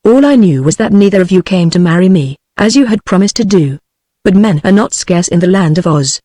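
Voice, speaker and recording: A text-to-speech woman with a British accent voicing a calm, cool young Munchkin woman in a storybook, in an even synthetic voice. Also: on the low side, a little fast, dry recording, studio quality. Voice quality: smooth synthetic reading voice.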